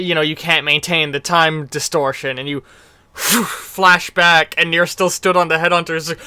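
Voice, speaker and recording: A man's voice: a little high, pushed and bright, smooth, dry recording. A man running a tabletop role-playing game, narrating the scene with rambling restarts. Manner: rambling, many restarts and fillers. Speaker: game master.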